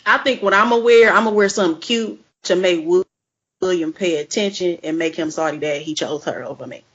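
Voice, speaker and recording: A woman's voice: lowish voice, fairly quick, a bit bright, slightly rough. A woman co-hosting a podcast, telling mock-serious jokes in casual chat. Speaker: podcast co-host. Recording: muffled lo-fi podcast audio.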